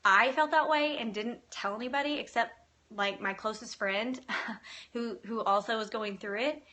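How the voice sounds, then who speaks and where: A woman hosting a live video, speaking in an earnest, gentle and encouraging way as she reads viewer comments. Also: a little high, normal speed. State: tearful at times. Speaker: faith-based live video host. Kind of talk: live-stream talk, reading comments.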